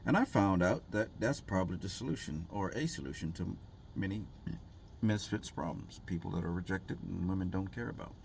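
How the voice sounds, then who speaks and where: A man's voice: low-pitched, lively intonation, brisk, creaky, darkish tone, slight background noise. A man vlogging in a rambling, jokey way, full of fillers and asides. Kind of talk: casual rambling vlog talk.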